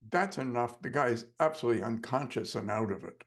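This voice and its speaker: A man who teaches hypnosis tells a story in a course lesson, in a casual, profane and animated way. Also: medium pitch, brisk. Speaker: hypnosis instructor.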